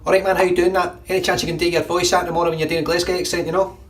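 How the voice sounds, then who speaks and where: A man putting on a loud, nasal Glaswegian bloke. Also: little pitch movement, very fast, recorded from a distance, close to an everyday voice. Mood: teasing. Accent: exaggerated Glaswegian. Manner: loud, high and pushy.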